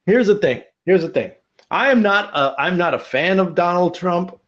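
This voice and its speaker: Animated, high-voiced male podcast co-host. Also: moderate pace, lo-fi sound. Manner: joking, rambling, animated. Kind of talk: casual chat.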